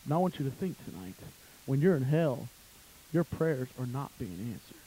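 A man preaching a fire-and-brimstone sermon, swinging between loud shouting and low, intense tones. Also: big pitch swings, normal speed, slight background noise, rough recording.

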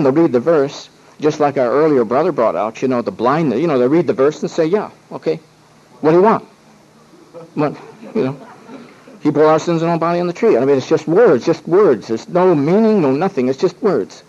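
A man's voice: on the high side, a little mellow. Emphatic male Bible teacher, lo-fi recording. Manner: emphatic, rhetorical questions, quotes objections in acted voices. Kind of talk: teaching talk on witnessing.

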